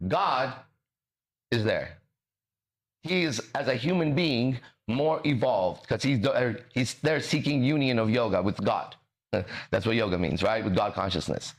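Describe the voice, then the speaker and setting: A male podcast host who speaks in an emphatic, preachy way in a mid-pitched voice. He swears freely and trips over words as the ideas come to him. His delivery stays casual. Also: a little slow. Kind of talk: motivational conversation.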